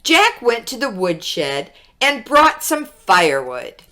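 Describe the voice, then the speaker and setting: A woman teacher reading a picture book aloud to children, gently asking her young listeners questions. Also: fairly high pitch, sing-song, slow pace. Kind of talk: children's read-aloud storytelling.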